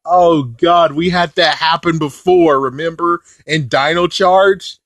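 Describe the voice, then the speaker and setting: Man, casual rambling commentary, excitable, fillers and mild swearing, slightly high pitch, dry recording. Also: unhurried, no room sound. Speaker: video reviewer.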